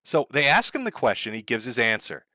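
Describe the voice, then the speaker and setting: A man's voice: mid-range voice, very animated, a little fast, bright, forceful tone, no echo, clean studio sound. A man giving mocking, profane online commentary, sarcastic and laughing at his own jokes.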